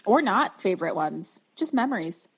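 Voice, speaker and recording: Woman co-host, casual and playful, husky tone with a lively swing in pitch. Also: normal speed. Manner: playful, giggly. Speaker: podcast co-host. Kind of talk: casual podcast chat.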